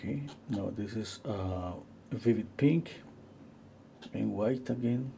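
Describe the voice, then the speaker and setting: A man with a southern Spanish accent, a native Spanish speaker, teaching painting live, talking in a relaxed, halting way as he works and answers viewers. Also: lowish voice, creaky, slight background noise. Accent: Spanish, southern Spain. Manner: relaxed, halting, thinks aloud while painting and reads viewer comments. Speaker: painting instructor. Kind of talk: live-streamed painting lesson.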